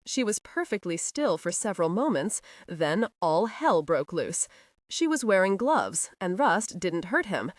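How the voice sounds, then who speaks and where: A woman narrating a historical romance audiobook in an expressive storytelling manner. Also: mid-range voice, a little slow, no echo, clean studio sound. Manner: expressive, voices each character.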